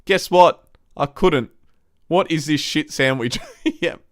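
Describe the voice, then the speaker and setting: A man's voice: fairly high pitch, slow, dry recording, studio quality. A young man hosting a live stream, reading viewer comments and ranting bluntly with lots of swearing. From Australia. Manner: blunt, swears a lot, frustrated.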